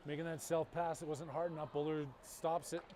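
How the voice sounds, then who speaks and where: Male youth hockey commentator with a high voice, quick calls and playful asides. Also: little pitch movement, a crowd in the background. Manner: rapid play-by-play with jokey banter. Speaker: play-by-play commentator.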